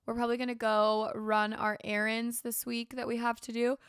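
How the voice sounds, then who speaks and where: A woman's voice: fairly high pitch, flat delivery, normal speed, few pauses, smooth, dry recording, clean studio sound. A young woman hosting a casual solo podcast, tired and yawning with a sore throat, rambling with lots of fillers. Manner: rambling, frequent "like" and "um". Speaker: podcast host.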